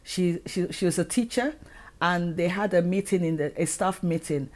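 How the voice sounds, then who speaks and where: A woman's voice: on the low side, normal speed. A middle-aged woman from Africa, hosting her own advice vlog and talking earnestly to the camera, full of rhetorical questions. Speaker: channel host and educator.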